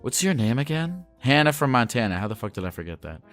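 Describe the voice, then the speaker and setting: A man's voice: mid-range voice, sing-song, fast, a bit bright, soft background music. A man hosting a casual call-in show, asking earnest, playful questions. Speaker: host.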